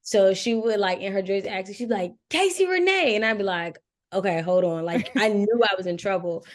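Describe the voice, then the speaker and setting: A woman guest on a podcast who tells her stories in a candid, easygoing way. She laughs often. Her voice sits at an ordinary pitch for a woman. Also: steady tone, brisk. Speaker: guest, design agency owner. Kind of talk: casual interview chat.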